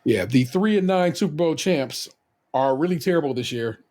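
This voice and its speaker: Middle-aged male podcast co-host with a slightly high voice; loose, rambling storyteller, frequent restarts. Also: animated, moderate pace, darkish tone. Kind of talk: casual podcast chat.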